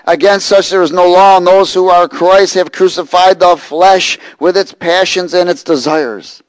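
A preacher man reads scripture and tells a story from his own life. His voice sits fairly high, and the sound is dry and close. He tells the story with lively energy. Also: normal speed, clear, resonant tone, no room sound, rough recording. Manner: animated storytelling, rising to shouts and laughter. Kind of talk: sermon with personal story.

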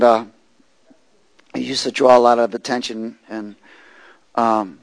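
A man preaching and telling his testimony, moving from loud preaching to hushed storytelling. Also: medium pitch, no room sound, rough recording.

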